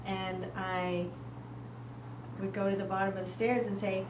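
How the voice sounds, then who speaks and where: A woman's voice: medium pitch, flat delivery, normal speed. A woman in a class, sharing a personal story in a chatty, anecdotal way. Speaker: class participant. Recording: roomy, distant mic, faint hum.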